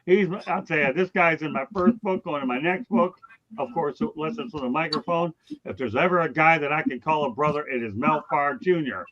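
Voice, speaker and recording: A man hosting a sports talk show, loud and high-energy, shouting with excitement. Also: brisk. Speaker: show host. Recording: dull lo-fi sound.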